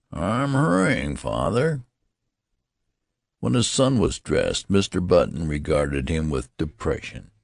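Deep, gravelly male audiobook narrator. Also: dry recording, clean studio sound. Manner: slow, measured reading with lively dialogue voices.

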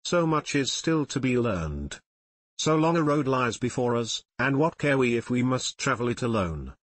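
A man narrating an audiobook in a measured, solemn reading voice. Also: mid-range voice, big pitch swings, no room sound. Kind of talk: scripted narration.

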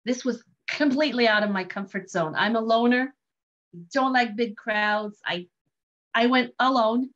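Animated woman telling a story. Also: fairly high pitch, a little slow. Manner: animated, laughs often, restarts lines. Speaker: guest sharing a story. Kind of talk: casual storytelling. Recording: dull lo-fi sound.

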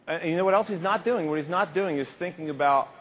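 A middle-aged man giving an animated, emphatic motivational keynote speech, acting out little scenes along the way. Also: fairly high pitch. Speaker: keynote speaker. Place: large convention hall. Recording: reverberant hall, faint background noise.

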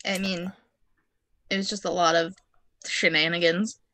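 A woman from the American South co-hosting a casual podcast, firing off quick quips and laughing easily. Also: on the low side, level tone, bright, forceful tone, no echo. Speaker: podcast co-host. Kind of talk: casual chat.

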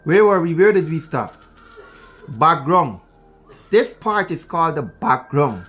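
A man's voice: fairly high pitch, very animated, a little slow, a bit bright, slightly rough, faint music behind. A man with a Guyanese accent giving a fiery, profane news commentary, repeating his points and speaking straight to viewers. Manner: fiery, repetitive, profane, addresses viewers directly. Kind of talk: heated news commentary rant.

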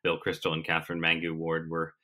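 A man's voice: a bass voice, completely flat delivery, fast, sharp tone. A man being interviewed as a guest columnist, talking casually with wry, self-deprecating humor.

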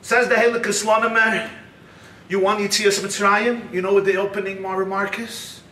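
A man giving a humorous, animated sermon lecture as a rabbi, sprinkling Yiddish and Hebrew terms. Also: high-pitched, moderate pace. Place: retreat lecture hall. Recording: echoey hall, distant mic, faint hiss.

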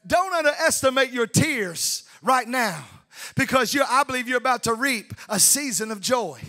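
High, bright preacher. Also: male voice, expressive, moderate pace. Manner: fervent preaching, swinging from shouted peaks to hushed tender asides. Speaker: pastor. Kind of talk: sermon. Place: church sanctuary.

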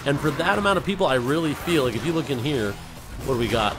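A young man streaming a game live, rambling casually while reading chat aloud and breaking into hyped shouts. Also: medium pitch, lively intonation, quick pace. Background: music.

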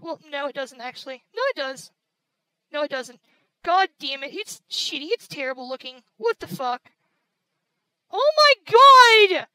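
A woman's voice: high voice, fairly bright tone, dry recording, poor audio. A woman giving casual gameplay commentary, frustrated and swearing constantly. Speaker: gaming video creator.

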